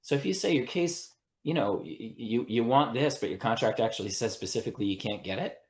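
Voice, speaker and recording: A man's voice: mid-range voice, fast talker, echoey room. A man, an attorney and mediator, speaking as a podcast guest. He explains his ideas earnestly, often checking in with "right?" and restarting his sentences. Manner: earnest, breaks thoughts with frequent "right?" and restarts. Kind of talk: explanatory interview conversation.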